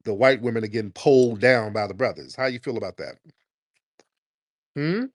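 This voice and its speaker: A man hosting a call-in show, taunting a caller with mocking, drawn-out repeated questions. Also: medium pitch, no room sound, studio quality. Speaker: host of a call-in talk show. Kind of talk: confrontational call-in radio talk.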